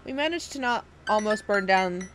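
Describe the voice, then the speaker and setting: A woman reading a dating game aloud with animated, excitable reactions. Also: mid-range voice, moderate pace, music in the background. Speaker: let's player.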